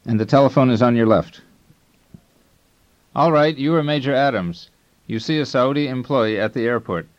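A man narrating a scripted language lesson as instructor, in a calm, measured teaching tone. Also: mid-range voice. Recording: dull lo-fi tape recording.

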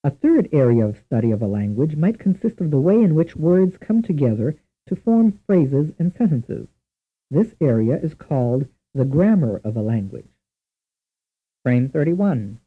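Husky man reading a tinny taped lesson. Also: fairly high pitch, big pitch swings. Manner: measured, deliberate, spells out each question and answer. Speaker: language instructor. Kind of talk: scripted language lesson narration. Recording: tinny lo-fi old tape recording.

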